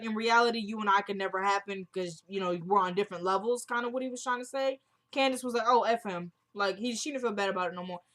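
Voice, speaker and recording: A woman's voice: medium pitch, a bit bright. Chatty woman retelling a TV episode. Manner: retells scenes line by line with "she goes"; chatty, informal slang. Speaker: TV show recap vlogger. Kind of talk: casual episode recap.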